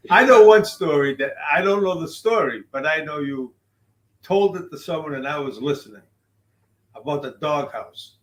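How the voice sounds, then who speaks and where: A man's voice: a little high, normal speed, a little hiss or hum. A man in casual chat who laughs and prompts the others into their stories. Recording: echoey room.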